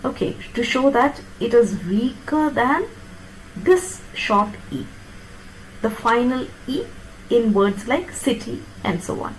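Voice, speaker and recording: A woman lecturing on phonetics, explaining step by step and checking that her students follow with quick tag questions. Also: a little high, animated, a little hiss or hum, rough recording. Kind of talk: classroom lecture on pronunciation.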